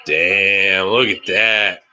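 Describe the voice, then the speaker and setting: A man's voice: sits low, steady tone, extremely slow, sharp tone, faint music behind. A man streaming a live reaction to a football game, ranting and swearing in frustration at the play calling between stretches of play-by-play. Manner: frustrated, swearing fan rants.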